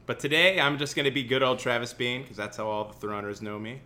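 A man's voice: medium pitch, quick pace, sharp tone, slight background noise. A man from Central Illinois with a light Central Illinois accent, co-hosting a casual podcast chat in a rambling, self-mocking way, laughing often. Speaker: podcast co-host. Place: indoor room, guest seated across.

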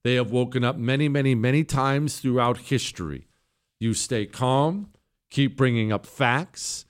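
Man, talk show host, emphatic, opinionated, middle pitch, casual monologue. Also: unhurried, clear, resonant tone. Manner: emphatic, opinionated, with repeated restarts. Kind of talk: casual monologue answering listener questions.

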